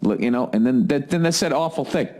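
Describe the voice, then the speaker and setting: A man's voice: mid-range voice, quick pace. A middle-aged man with a lingering cough, telling profane, rambling stories in a casual monologue and acting out people's lines. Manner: profane, rambling storytelling with animated voices. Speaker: podcast host.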